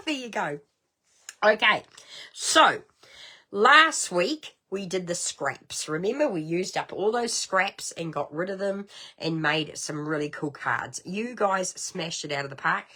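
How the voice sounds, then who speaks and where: Chatty New Zealand woman, low voice. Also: lively intonation, unhurried, sharp tone, breathy edge. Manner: chatty, rambling, cheerful with sudden high exclamations. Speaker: card-making livestream host. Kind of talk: casual craft livestream chat.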